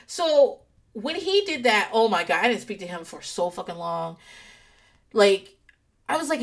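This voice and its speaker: A woman in a casual, profane, animated chat, rambling through anecdotes and a TV recap from her home office. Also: mid-range voice, a little slow, long pauses. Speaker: podcaster recapping a TV show.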